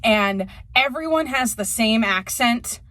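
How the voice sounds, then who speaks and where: A woman's voice: a little high, lively intonation, slow, sharp tone, slight background noise. A woman vlogger rambling through a casual, profane movie rant, laughing often.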